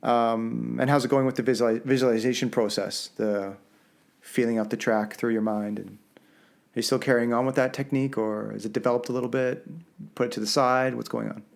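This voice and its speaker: A man's voice: medium pitch, steady tone, a little fast, vocal fry. A man with a Canadian accent hosting a podcast interview, asking rambling, joking questions. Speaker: podcast host. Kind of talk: casual interview chat.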